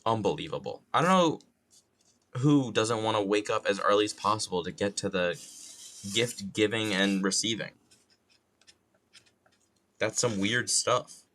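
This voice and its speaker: A man's voice: on the low side, a little slow, pauses often, fairly bright tone. A man from New York streaming live, rambling casually in a self-mocking, loosely profane way with a plain, neutral accent.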